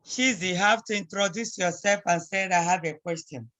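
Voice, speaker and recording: A woman's voice: fairly low pitch, normal speed, a bit bright. A woman teaching a language class over a video call, patiently repeating phrases for her students to copy. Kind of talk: online class instruction.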